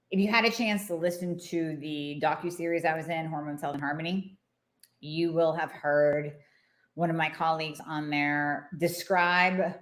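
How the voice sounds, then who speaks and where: A woman doctor hosting a health talk, speaking bluntly and emphatically in a conversational way, with asides and acted-out quotes. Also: low voice. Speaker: hormone doctor and host. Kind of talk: direct-to-camera health talk.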